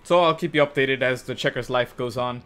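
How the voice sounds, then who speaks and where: A young man casually telling a work story for his gaming channel, animated and cursing, acting out the other people in shifting voices. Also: medium pitch, brisk, clear, resonant tone. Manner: animated, swears, acts out quotes in shifting voices. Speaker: gaming youtuber. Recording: faint music underneath.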